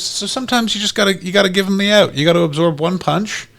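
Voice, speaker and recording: A man's voice: high voice, quick pace, creaky. A male comedian co-hosting a podcast, telling stories in casual chat and acting out the quotes. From Canada. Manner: animated storyteller who acts out quotes.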